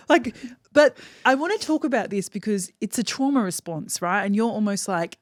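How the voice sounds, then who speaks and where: A woman hosts the conversation. She is direct, swears casually, and gets animated when she quotes her guest. Her voice is mid-pitched and recorded dry. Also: quick pace, no room sound. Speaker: podcast host. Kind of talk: interview conversation.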